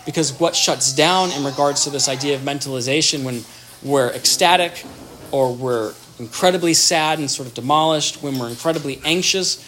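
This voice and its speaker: A man giving an earnest, animated explanatory talk on attachment in relationships, acting out example dialogue as he goes. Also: fairly high pitch.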